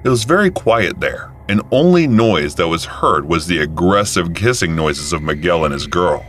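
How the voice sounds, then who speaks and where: Deep-voiced male story narrator. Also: animated, moderate pace, a bit bright. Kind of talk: first-person storytelling.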